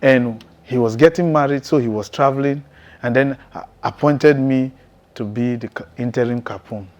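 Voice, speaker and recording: A man's voice: mid-range voice, moderate pace, darkish tone. A man giving a testimony sermon, telling his story intensely and emphatically, with frequent chuckles.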